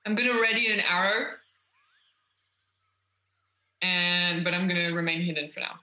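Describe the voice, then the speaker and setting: A woman with a bright, sharp voice talks through her moves in a tabletop game. She hesitates and thinks aloud. The sound is echoey, as if from a bare room. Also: on the low side, fast. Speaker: player. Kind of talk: casual tabletop game play.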